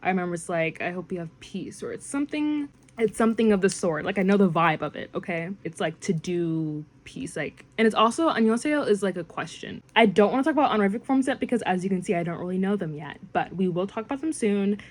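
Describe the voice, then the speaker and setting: A young woman casually teaching common phrases, chatty and rambling with lots of fillers, jumping up brightly when she quotes a phrase. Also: medium pitch, animated, fast talker, few pauses. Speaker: language learning vlogger. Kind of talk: casual language lesson.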